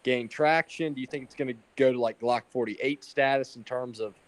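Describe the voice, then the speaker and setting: A man's voice: mid-range voice, moderate pace, crowd noise. A man guesting on a casual online chat, asking questions and talking things through. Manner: inquisitive, talks things through. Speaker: guest, holster maker.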